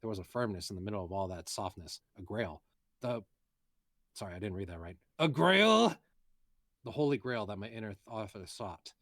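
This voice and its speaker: A man's voice: low voice, quick pace, hardly any pauses, darkish tone, no room sound, studio quality. A man, a voice actor, reading a light novel aloud in a casual way, with muttered asides and self-corrections.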